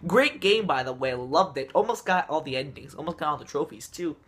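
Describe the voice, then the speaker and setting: A man's voice: fairly high pitch, brisk, a bit bright, a little hiss or hum. A young man talking casually to camera in a vlog, rambling with restarts and fillers as he reviews anime. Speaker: anime vlogger.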